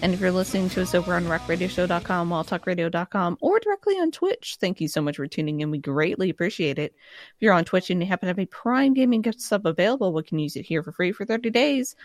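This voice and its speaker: A woman's voice: lowish voice, lively intonation, fast talker, soft background music. A woman co-hosting an internet radio show, reading the welcome and plugs in an upbeat way.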